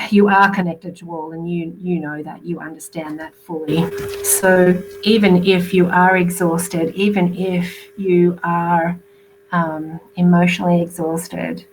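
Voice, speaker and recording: A soft-spoken Australian woman gives oracle card readings on a live stream, warm in tone and unhurried. Her voice sits slightly low and she drifts along with fillers and gentle laughs. A faint hum runs under the recording. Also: poor audio. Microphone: computer or phone mic on a live video call.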